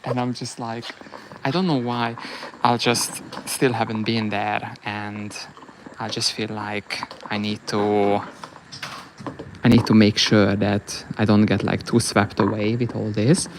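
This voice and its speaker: A man's voice: on the low side, level tone, unhurried. A man in his thirties, a hairdresser, chatting in a bubbly, rambling way and laughing often. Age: 30s. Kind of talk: casual chat. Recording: noisy background.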